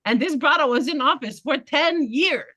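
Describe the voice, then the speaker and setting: A woman running for office addresses neighbors at a community meeting, bluntly and with passion, tossing in laughing asides. Her voice is high, bright, and forceful, at a normal speed.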